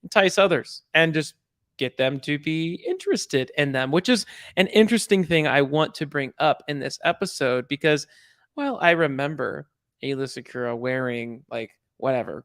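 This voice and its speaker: A man co-hosting a review podcast, speaking casually in a rambling, self-correcting way. His voice sits slightly high for a man, recorded dry and close with no room echo. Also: moderate pace, fairly bright tone. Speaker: podcast co-host.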